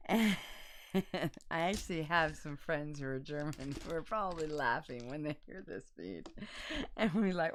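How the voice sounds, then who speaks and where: A woman's voice: low-pitched, lively intonation, measured pace, slight background noise. A woman in her fifties hosting a casual board game unboxing, joking bawdily and laughing often. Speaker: host.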